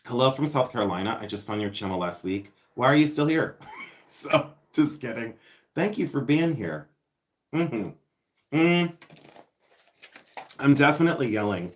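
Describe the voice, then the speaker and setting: A man's voice: medium pitch, lively intonation, normal speed, long pauses. A man hosting a casual livestream, chatting in a distracted, rambling way as he unboxes vintage finds and answers viewer comments.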